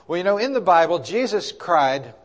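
A male pastor preaching a sermon, rising and falling in loudness and asking the congregation questions. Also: high-pitched, very animated, moderate pace. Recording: long hall reverb.

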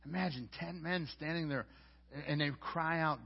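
A man's voice: fairly high pitch, normal speed, slightly rough. A man preaching a sermon as pastor, in a conversational way with frequent stammered restarts. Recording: dull lo-fi audio.

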